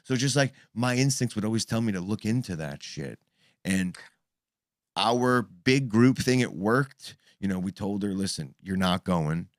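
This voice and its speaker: A man's voice: on the low side, unhurried, dry recording, clean studio sound. A man in his thirties telling a story in casual chat, swearing freely and acting out what people said. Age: 30s. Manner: animated, profane, acts out quoted voices.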